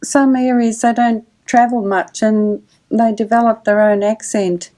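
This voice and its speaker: A woman's voice: on the high side, steady tone, unhurried, dark tone. A woman with an Australian accent, chatting casually as a guest mentor and laughing often. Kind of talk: casual conversation.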